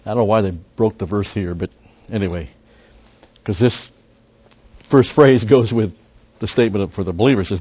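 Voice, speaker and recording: Male Bible teacher, low voice, dull lo-fi recording, rambling asides with emphatic stresses. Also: normal speed, pauses often, darkish tone, slightly rough. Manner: conversational, with frequent asides and restarts; emphatic on key words.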